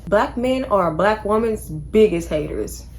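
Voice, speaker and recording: A woman's voice: mid-range voice, animated, measured pace, a little mellow. A young woman giving casual commentary in a vlog, sassy and emphatic, firing off rhetorical questions. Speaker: commentary vlogger.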